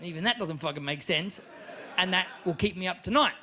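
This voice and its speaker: A man's voice: high-pitched, lively intonation, a little fast, pushed and bright, some chatter behind. A man doing crude, chatty live stand-up comedy and laughing at his own jokes. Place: comedy venue before a live audience. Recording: live venue recording with room noise.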